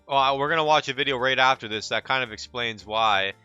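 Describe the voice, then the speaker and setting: A man with a very bright, sharp-edged voice talks in a blunt, profane, rambling commentary style, tripping over restarts. The audio is dull and lo-fi, with faint music underneath. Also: medium pitch, fast talker, hardly any pauses, smooth. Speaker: commentary channel host. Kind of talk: casual ranting commentary.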